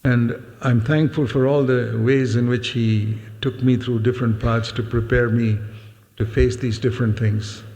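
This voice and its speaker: A man's voice: medium pitch, steady tone, unhurried, dark tone. An older man preaching a sermon in a church hall. He speaks earnestly and emphatically, repeats key words, and sometimes speaks directly to the children in the congregation. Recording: long hall reverb.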